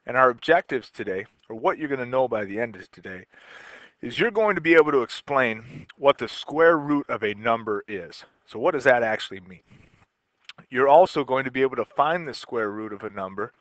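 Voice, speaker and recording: A man's voice: medium pitch, lively intonation, fairly quick, a bit bright, no echo, highs cut off. A man teaching a recorded math lesson in a casual way, explaining step by step while he writes. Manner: casual, talks while writing, repeats and restarts.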